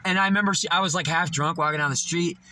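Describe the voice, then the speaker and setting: A man telling stories in casual talk, animated and swearing freely. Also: on the high side, fast, a little hiss or hum. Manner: animated, swearing, laughing at his own stories. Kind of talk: casual storytelling monologue.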